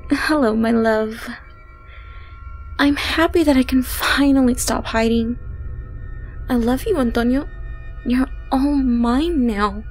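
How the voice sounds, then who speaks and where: A woman's voice: a little high, takes it slowly, pauses often, faint music behind, voice pushed up, poor audio. A woman voicing an obsessive young woman stalker who talks in a sugary, doting, pleading way.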